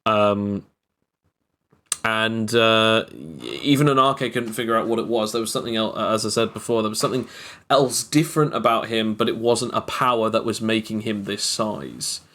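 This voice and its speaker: A man's voice: on the low side, fairly even intonation, normal speed, fairly bright tone. A man hosting a podcast as game master, chatting casually in long, rambling explanations. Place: live-streamed podcast.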